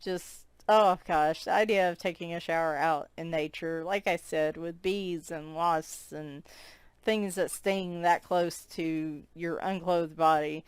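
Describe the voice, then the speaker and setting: A woman's voice: on the low side, steady tone, slow pace, clean tone, no echo. A woman chatting casually as she flips through a coloring book, amused and giggling as she comments on each picture.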